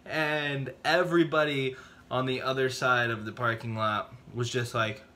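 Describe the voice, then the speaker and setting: A man vlogging to camera, telling personal stories with big dramatic reactions and acted-out quotes. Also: unhurried. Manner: excitable, acts out voices in his stories with big pitch jumps. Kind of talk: animated storytelling to camera.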